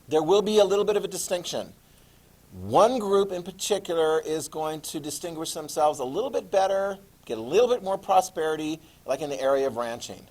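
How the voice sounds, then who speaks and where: Male teacher, animated classroom lecture, fairly high voice, keeps asking students questions. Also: low-quality recording.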